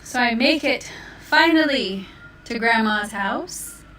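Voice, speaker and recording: A woman telling a story in a playful, unhurried manner. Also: a little high, animated, sharp tone. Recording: roomy, distant mic.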